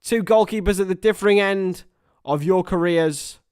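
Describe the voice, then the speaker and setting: Excitable man commentating a stream. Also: high voice, normal speed, smooth. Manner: excitable, joking, sweary, reads out viewer chat. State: tired after a long stream. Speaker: livestream host commentating a football match. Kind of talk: casual live watchalong commentary.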